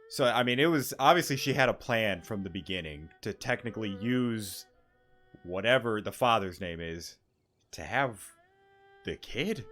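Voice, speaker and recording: A man with a very low voice plays through a game quest, cracking sarcastic jokes and reading the on-screen text aloud. He talks in a loose, casual way. Faint game music plays in the background. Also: animated, moderate pace, fairly bright tone. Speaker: gaming video host. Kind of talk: casual let's-play commentary.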